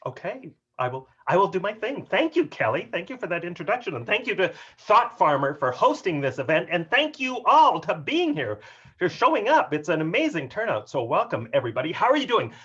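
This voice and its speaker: A playful man delivers a lively keynote full of puns and asides, his voice sitting a bit high for a man. The sound is dull and lo-fi, like audio from a video call at home. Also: a little fast, breathy edge. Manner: animated, joking, punny. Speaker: keynote speaker on workplace humor. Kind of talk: upbeat webinar talk with jokes. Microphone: video call mic.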